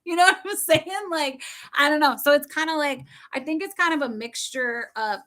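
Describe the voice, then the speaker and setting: A woman's voice: high-pitched, sharp tone. A middle-aged woman chatting casually with viewers on a livestream from home, rambling and laughing often.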